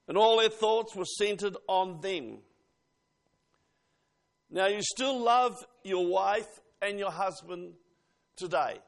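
An older man delivers an earnest sermon, pausing often and lifting his emphasis up and down. His voice sits fairly high and carries a gravelly edge. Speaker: preacher. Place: church.

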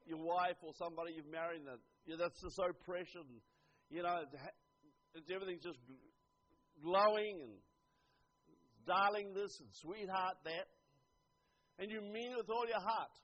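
An older man preaching a sermon, earnest, dropping to a hush and then rising to emphatic lines. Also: high voice, normal speed, pauses often. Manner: earnest, swings from hushed to emphatic. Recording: dull lo-fi recording.

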